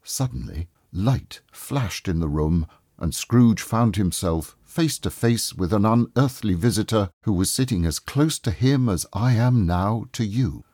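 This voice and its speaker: A man reading a classic story aloud as storybook narration, in a calm, measured and expressive way. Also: lowish voice, dry recording, clean studio sound.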